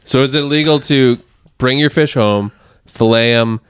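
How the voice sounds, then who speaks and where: A man telling relaxed, joking fishing stories in a casual chat. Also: mid-range voice, unhurried, smooth, dry recording.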